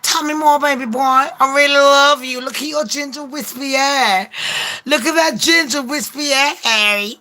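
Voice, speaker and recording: Woman doing a syrupy flirty wife voice, cooing, bright and kinda high, mocking. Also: moderate pace.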